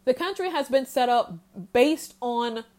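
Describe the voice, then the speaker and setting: A woman's voice: high voice, a little mellow. Heated woman ranting solo. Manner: heated, exasperated, talks straight without pausing. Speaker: podcast host. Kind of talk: solo commentary rant.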